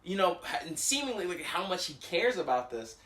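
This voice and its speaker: Young male podcast co-host, bright tone, casual and jokey, echoey room. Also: sits high, sing-song, a little fast. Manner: laughs often, loose and joking. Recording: roomy echo.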